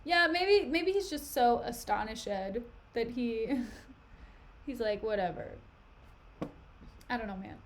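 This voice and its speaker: Speaking slowly in a voice on the high side, a young adult woman reads a play aloud on stream. She recaps it casually, giggling and chatting with frequent "like" and "you know."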